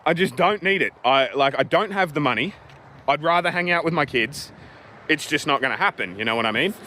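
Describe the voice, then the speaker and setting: A man's voice: fairly high pitch, lively intonation, a little fast, pushed and bright, slight background noise. An Australian man venting in a rambling, agitated vlog rant, swearing often and piling up "like"s. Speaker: vlogger.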